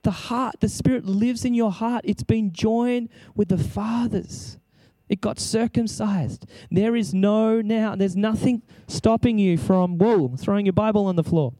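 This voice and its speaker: A man's voice: high-pitched, unhurried, hardly any pauses, warm tone, no room sound. A man preaching an impassioned sermon, exclaiming and acting out prayers as he speaks.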